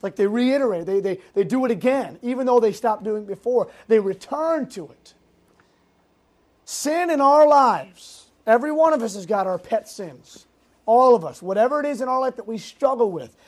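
A youth pastor from Massachusetts preaches a sermon to a youth group. The voice sits at a mid pitch. The delivery is animated storytelling, full of fillers and quick self-interrupting asides. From Massachusetts, United States.

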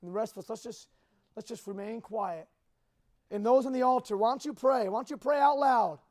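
A young man preaches an altar call to teenagers in a strikingly high voice. He pleads and urges, rising to loud exhortation and then dropping to hushed, intimate appeals. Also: brisk. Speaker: youth pastor.

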